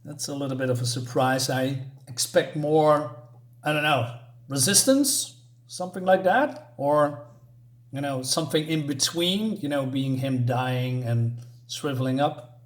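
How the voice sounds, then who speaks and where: Halting male comic reviewer. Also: on the high side. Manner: halting, with many restarts and filler words. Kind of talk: casual spoken review.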